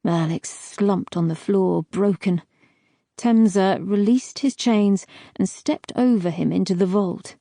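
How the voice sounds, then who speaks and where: A woman reading a dark fantasy audiobook in a slow, measured narration. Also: mid-range voice, gravelly, no echo, studio quality.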